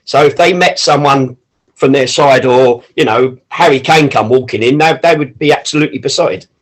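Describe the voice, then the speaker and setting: A man's voice: medium pitch, normal speed, low-quality recording. A man co-hosting a casual chat who stammers a little and chips in short remarks. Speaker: podcast co-host.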